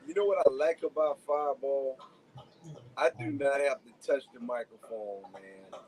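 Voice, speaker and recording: A married man on a podcast, telling stories in casual chat, animated and slangy, laughing often. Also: medium pitch, normal speed, a little hiss or hum, low-quality recording.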